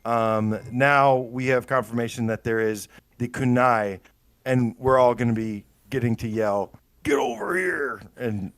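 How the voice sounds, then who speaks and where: A man's voice: medium pitch, fairly even intonation, unhurried, clean tone, no room sound. A man co-hosting a casual gaming podcast, telling stories with lots of fillers and rambling enthusiasm. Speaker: podcast co-host.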